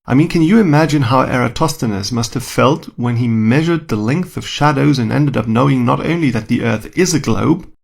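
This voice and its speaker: A man's voice: mid-range voice, normal speed, creaky, few pauses. A man, a scientist, telling a first-person story in a dry, wry, self-deprecating manner.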